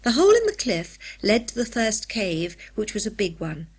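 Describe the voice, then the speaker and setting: A woman reading an adventure story aloud in clear, measured storybook narration. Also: medium pitch, big pitch swings. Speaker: audiobook narrator. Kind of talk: scripted narration.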